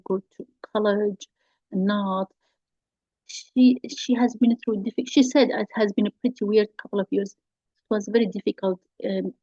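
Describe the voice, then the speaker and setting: Mellow woman explaining a play to her class. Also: medium pitch, dry recording, lo-fi sound. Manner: explanatory, repeats key points. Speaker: teacher.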